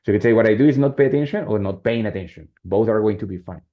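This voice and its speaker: A man's voice: fairly low pitch, very fast. Man teaching English grammar. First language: Spanish. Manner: switches between English and Spanish, checks in with students often. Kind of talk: online class explaining grammar. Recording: slightly dull lo-fi sound.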